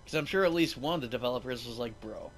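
A young man riffing over a game he plays, sarcastic and freely cursing as he mocks the characters. His voice sits at an ordinary middle pitch, with faint game music under him. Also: rapid-fire, fairly bright tone, rough recording. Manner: sarcastic, profane. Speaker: let's play host. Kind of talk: gameplay commentary.

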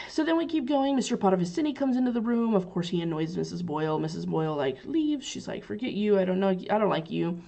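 A woman's voice: fairly low pitch, creaky, dark tone. A woman teacher casually recapping a play for her students, chatty and loose with lots of fillers. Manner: chatty, paraphrasing lines loosely with many fillers. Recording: dull lo-fi recording.

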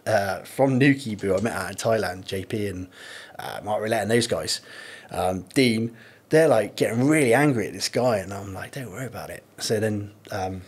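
Husky man telling fight stories. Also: on the low side, moderate pace. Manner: laid-back, swears freely, laughs through anecdotes. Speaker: podcast guest. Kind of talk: casual storytelling.

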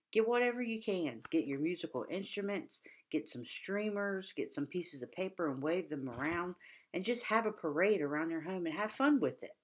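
A woman's voice: low-pitched, lo-fi sound. A young woman leading a children's church lesson, upbeat and encouraging as she talks straight to the kids. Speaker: children's ministry leader.

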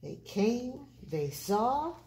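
Slow, animated woman reading a storybook. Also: fairly high pitch. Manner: slow, very expressive, animated sound effects. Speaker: storybook reader. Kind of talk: children's read-aloud.

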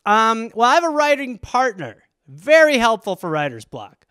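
A man hosting a comedy podcast, riffing alone in a rambling, profane, animated way. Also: extremely high pitch, normal speed, smooth, no echo, clean studio sound.

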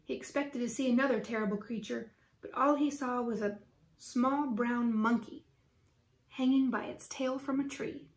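A woman teacher reading a children's book aloud with lively, expressive storytelling. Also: on the high side, normal speed. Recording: roomy echo.

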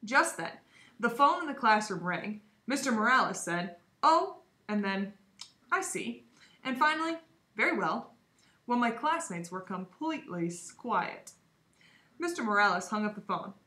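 A woman reading a children's chapter book aloud with lively, expressive storytelling. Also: mid-range voice, moderate pace, echoey room. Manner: lively expressive storytelling, voicing the hamster narrator. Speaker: reader.

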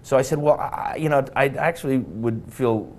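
A man telling an anecdote as a game show contestant, animated and acting out the dialogue. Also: medium pitch, normal speed, slight background noise. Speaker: celebrity contestant.

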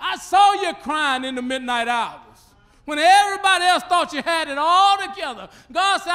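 A man's voice: very high-pitched, pushed and bright. A male pastor with a Southern US accent preaching a sermon in a church, stretching out phrases and calling out to the congregation. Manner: preaching with rising call-and-response fervor, drawn-out phrases. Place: church sanctuary.

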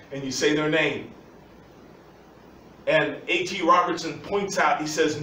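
Male pastor, higher voice, lively emphatic sermon; distant mic, faint room hiss. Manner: animated, emphatic preaching with laughs. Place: church sanctuary. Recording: echoey church from far off.

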